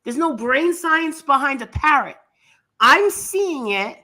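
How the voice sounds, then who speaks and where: A woman hosting a casual commentary chat, talking in a blunt, animated and scornful way. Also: high voice, slow pace. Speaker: commentary channel host.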